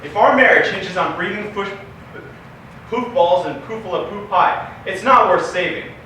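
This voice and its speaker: A man's voice: sits high, normal speed, pushed and bright. A young man playing a tired, exasperated young husband who is a lawyer, speaking in a dry, weary way with sighs. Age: young adult. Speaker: student actor. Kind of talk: stage acting in a class play. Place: classroom stage. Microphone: distant camera. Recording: echoey room from far off, faint noise.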